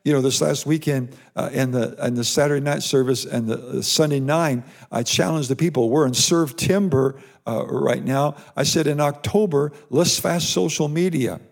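A man's voice: mid-range voice, normal speed, gravelly, hardly any pauses. A pastor preaching an emphatic sermon, repeating short phrases for emphasis as he speaks to his congregation and online viewers.

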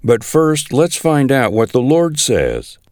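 A man's voice: mid-range voice, very animated, slow, a little mellow, no echo, studio quality, voice pushed up. A man reading scripture aloud, voicing a friendly, cautious and devout ancient king. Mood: earnest.

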